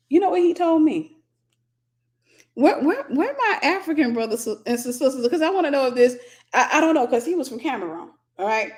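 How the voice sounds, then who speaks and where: An American woman hosting a candid Christian teaching talk, telling a humorous personal story in an animated, confessional way. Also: on the high side. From United States.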